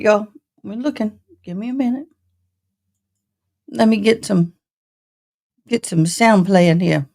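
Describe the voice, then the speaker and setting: A Southern woman in her forties with a mixed Tennessee and Texas accent hosts a casual live stream. She talks at a slow, unhurried pace, and her voice has a gravelly, fry-edged texture. Her manner stays folksy and chatty as she greets viewers by name. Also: mid-range voice, warm tone. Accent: mixed East Tennessee and Texas Southern. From Tennessee, raised in Texas. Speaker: livestream host.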